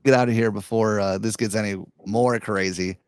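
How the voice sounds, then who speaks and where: A man's voice: lowish voice, steady tone, moderate pace, smooth, no room sound. A man hosting a podcast, laid-back and agreeable, wrapping up the show. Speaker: podcast host. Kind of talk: casual chat and show sign-off.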